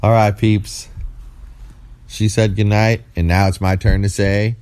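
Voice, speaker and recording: Very deep-voiced man, tired and rambling. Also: level tone, measured pace, darkish tone, clean tone. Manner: rambling and playful, teasing. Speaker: podcast co-host. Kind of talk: casual chat.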